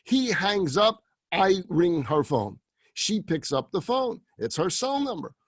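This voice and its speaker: A middle-aged man, a rabbi, telling a story in a lecture, animated and acting out the dialogue. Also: high voice, slow pace, no echo.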